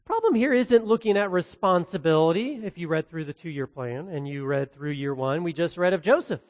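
A pastor with a high, light male voice delivers an expository sermon. He speaks earnestly, breaking into casual asides now and then. His words ring out with a long reverb, as in a church hall. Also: animated, normal speed.

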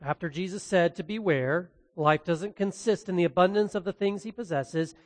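High-voiced man preaching in a reverberant hall. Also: moderate pace. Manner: earnest, with casual asides. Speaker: pastor. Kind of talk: expository sermon.

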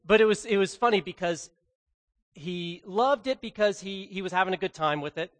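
A pastor telling a personal story in a sermon, speaking to members of the congregation by name. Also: male voice, high-pitched, moderate pace.

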